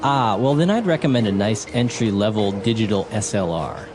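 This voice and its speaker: A man's voice: normal speed, natural voice. A man playing a flustered, apologetic camera store clerk in a scripted learner dialogue, hesitating often. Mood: eager salesman. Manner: hesitant, apologetic, lively pitch. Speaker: actor in a listening dialogue.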